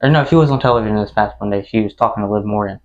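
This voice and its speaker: Excitable young man, casual podcast chat. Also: on the low side, racing, lo-fi sound. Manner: excitable, says "bro" a lot. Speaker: podcast co-host.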